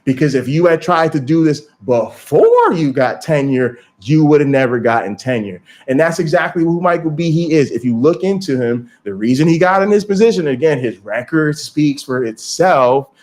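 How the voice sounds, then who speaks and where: Animated, profane male streamer. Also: on the high side, moderate pace, hardly any pauses. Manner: animated, profane, talks straight to viewers. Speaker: streamer and channel host. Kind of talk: casual livestream commentary.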